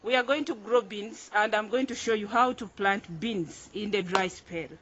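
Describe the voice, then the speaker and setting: This dull lo-fi clip features a woman of medium pitch and fairly bright tone talking at normal speed. A farmer with her own channel, she's showing how to plant crops outdoors in a casual tutorial, upbeat and instructive, repeating phrases as she works by hand.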